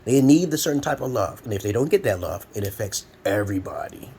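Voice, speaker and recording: A man's voice: lowish voice, animated, fast, a little mellow, slight background noise. A man in his forties from Brooklyn, New York, giving rambling advice in a blunt, profane, preachy monologue at home. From Brooklyn, New York, USA. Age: 40s. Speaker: advice vlogger. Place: home room. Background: fan running.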